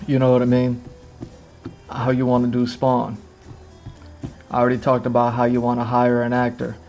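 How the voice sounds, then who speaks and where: A man's voice: mid-range voice, darkish tone, muffled recording. A man chatting casually on a livestream to his camera, rambling, repeating phrases and filling gaps with "you know what I mean". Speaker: streamer. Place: indoors in front of a camera with lights.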